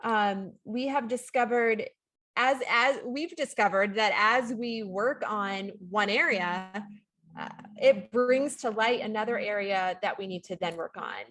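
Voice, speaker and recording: A woman co-hosting a wellness show, talking casually and haltingly with frequent pauses and restarts while sitting on a couch. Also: mid-range voice, a bit bright. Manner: halting, many ums and restarts. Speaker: wellness coach, co-host. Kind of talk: casual coaching talk.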